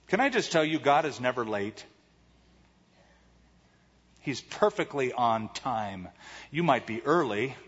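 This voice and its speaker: Slow, husky male preacher in a hall. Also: medium pitch, very animated, a bit bright, muffled recording. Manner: dramatic, rhetorical questions, acts out quoted voices. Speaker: pastor. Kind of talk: sermon.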